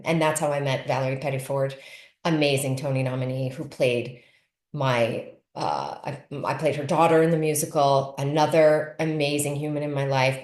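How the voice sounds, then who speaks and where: A woman in her forties, an actor and dialect coach, telling lively stories about her career on a video call. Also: roomy sound. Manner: animated storyteller, bursts of laughter and big pitch jumps. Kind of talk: casual interview storytelling.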